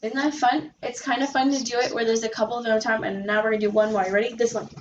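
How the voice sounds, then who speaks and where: A woman's voice: fairly high pitch, little pitch movement, muffled recording, a little hiss or hum. Patient woman tutoring a child. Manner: patient, encouraging, sounds out letters slowly. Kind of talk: reading lesson with a young child. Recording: echoey room recording.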